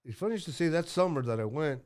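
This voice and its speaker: A man's voice: a little high, lively intonation, fast talker, darkish tone. A man in his sixties telling a rambling story as a guest, blunt and profane, with lots of fillers and restarts. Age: 60s.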